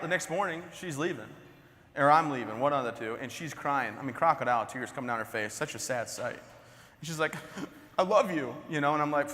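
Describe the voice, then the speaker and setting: A man's voice: fairly high pitch, sharp tone. A young man giving a comedic keynote speech, telling stories and laughing at his own jokes. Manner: joking, self-mocking, laughs at his own lines. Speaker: keynote speaker. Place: large hall on stage. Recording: hall reverb on stage.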